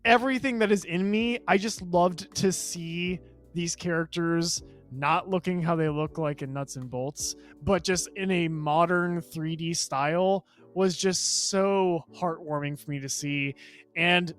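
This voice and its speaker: A man's voice: on the high side, a little slow, faint music behind. A male podcast co-host in casual gaming chat, rambling and enthusiastic, laughing often.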